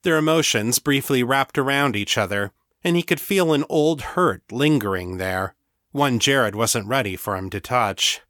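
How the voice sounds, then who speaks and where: A man reading an audiobook aloud in calm, measured scripted narration. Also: mid-range voice, dry recording, clean studio sound.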